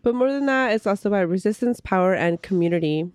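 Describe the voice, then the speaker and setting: A woman's voice: medium pitch, lively intonation, fast talker, a little mellow, no echo, studio quality. Chatty woman podcaster who sounds sick. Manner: chatty, laughs often, reads from notes. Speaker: podcast co-host. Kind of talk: casual history podcast storytelling.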